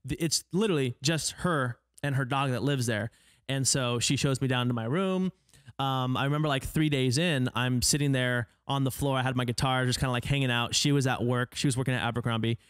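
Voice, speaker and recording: A man from Oregon, a podcast guest, telling stories in a casual chat, animated and full of fillers, acting out what people said. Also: medium pitch, brisk, clear, resonant tone, no echo, studio quality. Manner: animated, many fillers, acts out quoted dialogue.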